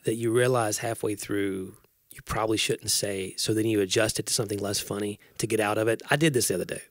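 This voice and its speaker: A man co-hosting a casual comedy podcast, telling stories with lively quoted voices. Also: lowish voice, quick pace, dry recording, studio quality. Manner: animated storyteller, slips into quoted voices. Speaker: podcast co-host. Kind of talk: casual chat.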